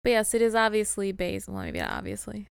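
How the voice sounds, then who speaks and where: A woman of about thirty co-hosting a podcast in casual chat, relaxed and playful, tired and yawning. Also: medium pitch, fairly quick, vocal fry, clean tone, dry recording. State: sleepy, yawning. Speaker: podcast co-host.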